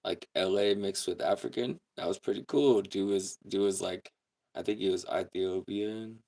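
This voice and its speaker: A deep, slightly mellow male voice speaks at normal speed in this casual livestream. The host chats with viewers in a laid-back way, reading comments and often laughing.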